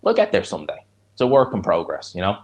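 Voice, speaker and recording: A man with a North Dublin accent and a fairly low voice chats through a live fight watch-along. He rambles and restarts his sentences, then breaks into excited reactions to the punches. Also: fast talker. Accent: North Dublin (Fingal). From Ireland.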